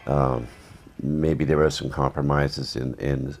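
Extremely deep-voiced man telling wry anecdotes. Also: steady tone, slow, darkish tone. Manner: wry, rambling, dry asides. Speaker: actor being interviewed. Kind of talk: casual anecdotal storytelling.

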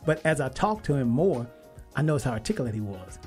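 A man hosting a radio talk show, telling a story with lively, emphatic quoted dialogue. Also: medium pitch, fast talker, faint music behind. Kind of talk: casual storytelling and interview.

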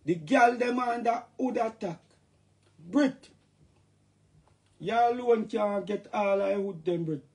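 A middle-aged Jamaican man rants and jokes in patois on a casual livestream. His voice sits high and carries a gravelly rasp. He talks in a loose, animated way. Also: slow pace, long pauses.

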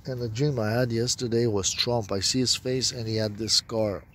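A man's voice: mid-range voice, fairly even intonation, moderate pace, a bit bright, slight background noise. A man telling a rambling personal story, profane and meandering, with broken grammar. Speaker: self-described prophet.

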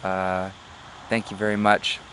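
A man voicing a desperate poor man who begs a saint over and over in a pleading voice, pitched a little above his own. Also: monotone, a little slow, bright, forceful tone, a little hiss or hum. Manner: pleading, repetitive begging.

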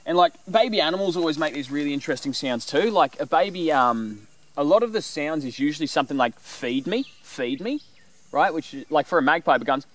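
Lively man. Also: fairly high pitch, fast, a little hiss or hum. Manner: loose and rambling, breaks into bird call imitations. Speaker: presenter teaching animal call mimicry. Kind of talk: casual explanatory talk.

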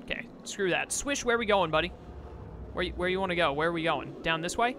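A man's voice: high-pitched, lively intonation, fast, bright, forceful tone, a little hiss or hum. A young man casually commenting on a video game as he plays, often exasperated and talking back to the game. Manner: exasperated, chatty, talks to the game. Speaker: let's play host.

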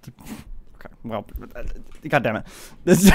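Young male streamer; rambling, excitable, expressive up-and-down delivery with frequent laughs. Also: takes it slowly, pauses often. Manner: rambling, swearing, giggly, high-pitched laughs. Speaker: livestream host. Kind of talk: casual live-stream chat.

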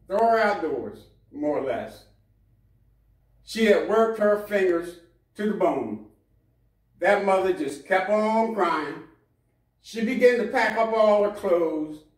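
A man preaching, telling a story in a rhythmic, repeating style. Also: high voice. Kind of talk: sermon storytelling. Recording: echoey room, far from mic.

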